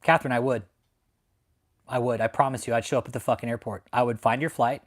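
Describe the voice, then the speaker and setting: A man's voice: medium pitch, fairly even intonation, fast. Angry profane man ranting live. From Texas. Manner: heated, profane, repetitive. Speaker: channel host. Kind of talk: angry livestream rant. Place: home in San Antonio.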